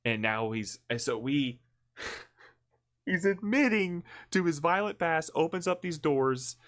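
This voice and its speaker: A man's voice: on the high side, animated, takes it slowly, a bit bright. A man co-hosting a livestream, telling a long story in casual chat, rambling and blunt, with lots of restarts, self-corrections and swearing. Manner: blunt and profane. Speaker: livestream co-host. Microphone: streaming mic.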